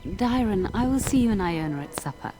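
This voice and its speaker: A woman's voice: medium pitch, lively intonation, a little fast, noisy background, natural voice. An actress playing a gracious, genteel noble lady in a video game, speaking formally.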